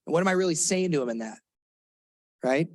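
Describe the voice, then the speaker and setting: A man's voice: a little high, expressive, fairly quick, a little mellow, no echo. A man speaking as a therapist in a live workshop for parents, earnest and conversational, now and then acting out what kids and parents say. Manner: earnest, conversational, acts out kid and parent lines. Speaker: therapist giving a parenting talk. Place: lecture room with an audience.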